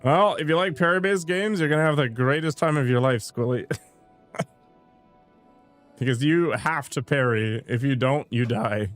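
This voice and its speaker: A man's voice: medium pitch, moderate pace, faint music behind. A man streaming gameplay, talking casually and joking with mild slang.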